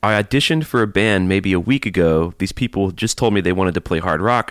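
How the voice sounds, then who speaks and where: A man's voice: low voice, brisk, no echo, studio quality. A man from Alabama co-hosting a podcast, reading listener emails aloud and chatting in a laid-back, jokey way. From Alabama, USA. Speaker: podcast co-host.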